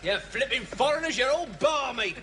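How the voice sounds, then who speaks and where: A rude, bullying warden snaps at everyone in a fairly high voice that jumps around. He is gruff and scornful. The audio is noisy old television sound. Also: lively intonation, moderate pace. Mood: angry. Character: rude grumpy middle-aged warden, bullying.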